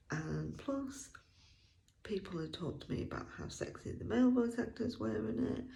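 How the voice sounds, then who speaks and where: A woman's voice: deep voice, vocal fry, warm tone. A woman giving a casual audiobook review vlog, chatty and enthusiastic, laughing often and sometimes dropping to a near whisper. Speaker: book reviewer.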